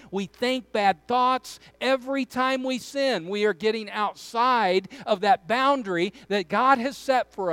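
Male pastor, middle-aged, unhurried emphatic sermon delivery, high-pitched. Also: a bit bright, clean tone, no echo. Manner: earnest preaching with emphatic repetitions.

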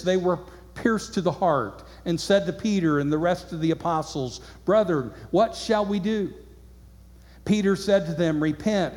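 High-voiced preacher in a reverberant hall. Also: male voice, darkish tone. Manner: measured, earnest preaching with rhetorical questions. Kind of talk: sermon with scripture reading.

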